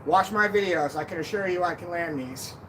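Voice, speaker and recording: Guy with a high voice chatting on a stream out on his deck, joking around, kinda breathless, wind and birds noisy behind him. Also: fairly quick, a bit bright. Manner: chatty, joking, self-deprecating. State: out of breath at times. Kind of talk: casual live-stream chat. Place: outdoors on a backyard deck. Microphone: camera on a stand. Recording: outdoor noise behind the voice.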